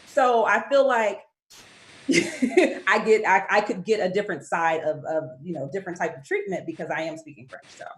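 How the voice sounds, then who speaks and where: A young American woman speaks in an average, unremarkable pitch. She talks things through thoughtfully, pausing and restarting as she searches for words in a relaxed chat. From United States. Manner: thoughtful, hesitant, many fillers. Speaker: guest. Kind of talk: casual chat.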